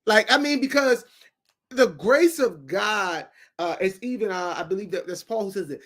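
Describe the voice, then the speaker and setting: A man's voice: high voice, lively intonation, normal speed, fairly bright tone. A man, a guest on a talk show, speaking in an emphatic, preachy way about faith and everyday life. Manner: preachy and emphatic, acts out quoted voices.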